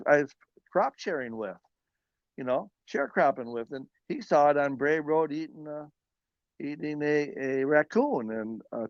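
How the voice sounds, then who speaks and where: A man's voice: a little high, dry recording, lo-fi sound. A man from northern Illinois, a farmer and guest, telling a story in a rambling, self-correcting way. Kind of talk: casual storytelling.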